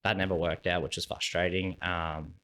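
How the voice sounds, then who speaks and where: A young Australian man with a deep voice, speaking at a moderate pace, is a guest on a podcast. He casually tells stories and acts out what people said, dropping "like" into nearly every sentence. His manner is relaxed and animated.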